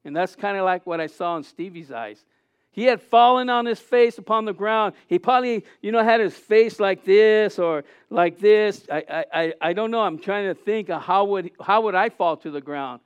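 A middle-aged man preaching a sermon as pastor, earnest with halting restarts, rising to loud cries. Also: sits high, clear, resonant tone, dry recording, lo-fi sound.

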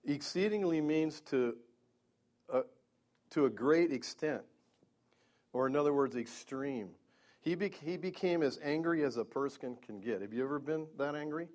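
A man's voice: fairly high pitch, normal speed, darkish tone. A man preaching a Bible-teaching sermon, earnest, with stammering restarts and emphatic peaks.

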